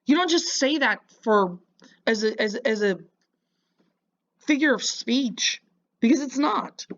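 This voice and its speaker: A woman's voice: on the high side, expressive, takes it slowly, a bit bright, muffled recording. A woman giving casual reaction commentary, mocking and lecturing the person in a clip.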